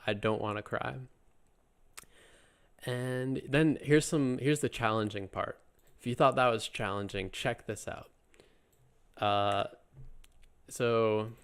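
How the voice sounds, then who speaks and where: A man's voice: mid-range voice, clear, resonant tone. A man giving a casual, chatty language lesson, joking and circling back with lots of fillers and restarts. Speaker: Korean language teacher.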